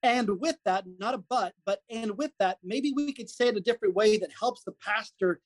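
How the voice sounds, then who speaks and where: A middle-aged man, a guest, telling a lively personal story and acting out what people said. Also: sits high, moderate pace, no echo. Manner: animated storyteller acting out quotes. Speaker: guest, comedy performer. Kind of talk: storytelling in casual conversation.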